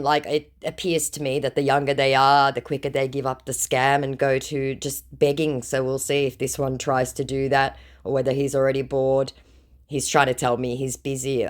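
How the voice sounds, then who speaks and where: A woman hosting a casual vlog, blunt and sarcastic, laughing now and then as she talks to her viewers. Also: extremely low pitch. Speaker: scam-baiting channel host. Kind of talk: casual vlog, reading chat aloud.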